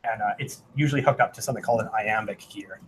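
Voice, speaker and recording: A man's voice: fairly low pitch, fast talker, noisy background. A man giving a casual technical talk at a meetup. He rambles with many fillers and restarts, and he sings out beeping rhythms as he demonstrates. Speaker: meetup presenter. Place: meetup room.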